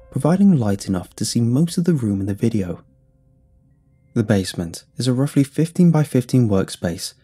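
Male horror narrator, husky low voice, very expressive melody, measured delivery. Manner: measured, deliberate storytelling. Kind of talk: scripted horror story narration. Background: faint music.

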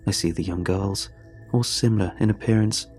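A man with a fairly low voice narrates a tense story in the first person, reading in a measured, steady way. Faint music plays softly behind him. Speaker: audiobook narrator.

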